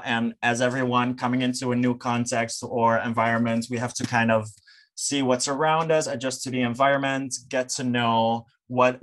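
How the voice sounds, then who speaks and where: A man's voice: mid-range voice, fairly bright tone. A man with a Dutch accent, talking eagerly as a podcast guest in casual chat, with many fillers. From Netherlands. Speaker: podcast guest, drag performer.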